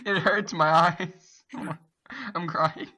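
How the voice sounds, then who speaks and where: A man's voice: on the high side, fairly even intonation, takes it slowly, bright, forceful tone. A young man hosting a podcast, giggling often and mocking himself. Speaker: podcast host. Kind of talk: casual chat.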